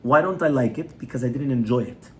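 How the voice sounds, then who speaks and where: A man's voice: mid-range voice, brisk, fairly bright tone, slight background noise. A man, a rabbi, giving a conversational Torah class in a home, often checking in with his listeners. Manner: conversational teaching, frequent "right?" checks with the audience. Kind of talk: Torah class on child education. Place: residence, small class gathering.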